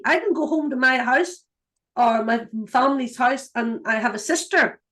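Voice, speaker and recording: A middle-aged woman and spiritual teacher giving a workshop talk, telling personal stories and quoting herself often, moving from loud to soft. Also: on the high side. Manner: storytelling, quotes herself often with "I says"; animated, swings from loud to soft.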